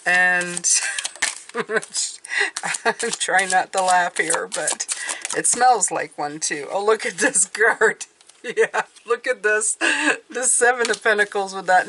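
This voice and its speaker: Chatty woman with a bright voice. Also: mid-range voice. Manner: chatty, self-interrupting, often restarts words. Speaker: tarot reader. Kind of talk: casual tarot reading.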